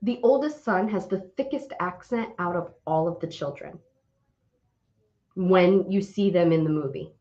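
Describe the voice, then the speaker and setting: A young adult woman co-hosting a podcast in casual chat, animated and swearing often as she rants. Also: on the low side, unhurried. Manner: animated, swears often, laughs while ranting. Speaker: podcast co-host. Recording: dull lo-fi audio.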